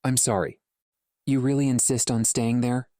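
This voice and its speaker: A man's voice: medium pitch, fairly even intonation, normal speed, dark tone, dry recording, clean studio sound, lightly acted. A man reading an audiobook and voicing a stubborn, loyal young army commander who talks bluntly and defiantly. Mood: apologetic.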